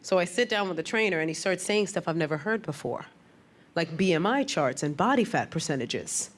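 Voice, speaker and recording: A woman's voice: lowish voice, animated, brisk. A woman performing a stand-up comedy set, telling stories in a punchy way and acting out the voices of other people. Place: comedy stage. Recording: live club set with audible crowd and noise. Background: audience laughter and room noise.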